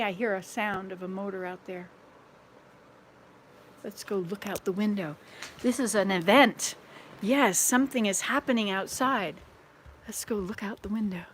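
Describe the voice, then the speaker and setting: A woman's voice: medium pitch, slight background noise. A woman in her sixties, chatting casually at home as she walks around, rambling and playful, laughing at her own slip-ups. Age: 60s. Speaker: vlogger. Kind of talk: casual home vlog chat. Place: at home, walking from room to room.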